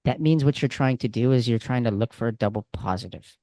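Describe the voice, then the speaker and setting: Male coach, casual and animated, mid-pitched, dry close sound. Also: fast, dry recording. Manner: casual, animated, talks with friendly slang. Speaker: communication coach. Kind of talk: coaching over a call.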